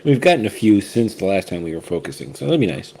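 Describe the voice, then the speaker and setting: A man's voice: lowish voice, big pitch swings, fast talker, warm tone. A man hosting a casual whiskey tasting chat, rambling and restarting often as he shares his impressions. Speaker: whiskey reviewer, co-host.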